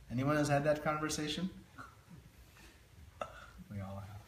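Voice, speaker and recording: A man's voice: a little high, expressive, slow, pauses often. A man teaching a devotional scripture class, telling stories to illustrate his points. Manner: storytelling, illustrative. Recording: roomy echo.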